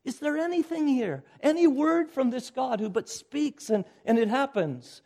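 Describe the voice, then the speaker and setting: High-voiced preaching pastor, man. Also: animated, moderate pace. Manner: urgent preaching, swinging from loud exhortation to hushed lines. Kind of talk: sermon.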